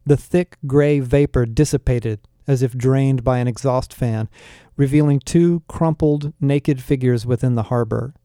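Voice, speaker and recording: A man narrating a first-person audiobook with an even storytelling delivery. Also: mid-range voice, measured pace, smooth, dry recording, clean studio sound.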